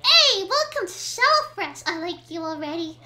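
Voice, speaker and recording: Cocky male shoe shopkeeper for a game, slangy swagger, high and bright, read by a woman. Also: big pitch swings, normal speed, exaggerated voice. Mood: smug. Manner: laid-back slangy swagger. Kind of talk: reading game dialogue aloud.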